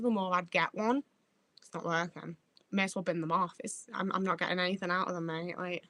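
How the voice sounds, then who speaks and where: A woman's voice: mid-range voice, fairly bright tone, no echo. A young woman with a northern English accent chatting casually on a livestream, laughing often and swearing freely. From Stoke-on-Trent, England. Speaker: livestreamer reading chat. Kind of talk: casual chat.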